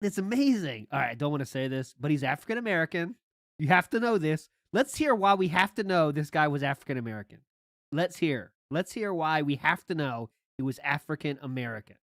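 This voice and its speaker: A woman's voice: sits low, lively intonation, no room sound, clean studio sound. A woman hosting a podcast, sarcastically mocking a clip she is reacting to. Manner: sarcastic, teasing, quick to laugh. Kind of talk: mocking commentary.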